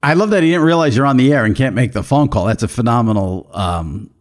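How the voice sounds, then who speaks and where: Male host interviewer, mid pitch, casual, loose rambling questions. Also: expressive, quick pace. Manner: rambling, restarts his questions often. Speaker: podcast interviewer.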